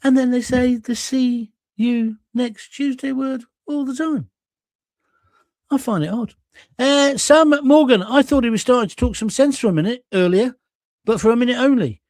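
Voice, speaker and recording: An older man rants through a live online show, blunt and sarcastic as he reads out viewer comments. His voice sits fairly high for a man. The sound is close and dry, with little room around it. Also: normal speed, darkish tone, dry recording. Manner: blunt, sarcastic, mocking voices in mini-skits. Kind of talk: ranting live-stream commentary.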